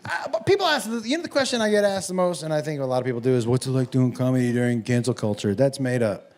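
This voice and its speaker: A man performing a stand-up comedy set, telling an animated story and acting out the people in it. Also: medium pitch, fast.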